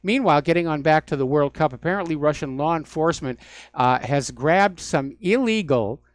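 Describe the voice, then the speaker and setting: A male talk radio host riffs through the news on his own, full of sardonic, mocking asides. His voice sits somewhat high for a man. He is recorded close and dry in a studio with no room echo. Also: expressive, moderate pace. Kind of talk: solo talk radio commentary.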